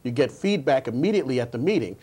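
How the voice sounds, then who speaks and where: A man's voice: medium pitch, lively intonation, quick pace, mellow, breathy edge. A man who coaches public speaking, a guest on a TV talk show, telling stories earnestly and often repeating his words. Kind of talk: interview answers.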